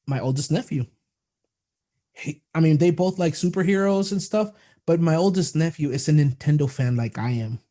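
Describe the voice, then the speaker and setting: A young man chatting as a podcast guest, telling lively stories and laughing often. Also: fairly high pitch, normal speed. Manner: enthusiastic storyteller, laughs a lot, animated quoting of others. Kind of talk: casual interview chat.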